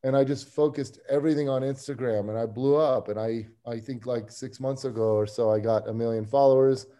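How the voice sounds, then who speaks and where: A man's voice: medium pitch, fairly even intonation, a little fast, warm tone. A man, a strength coach and podcast guest, recounting his career in an easygoing, rambling way, chuckling often. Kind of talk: casual interview storytelling.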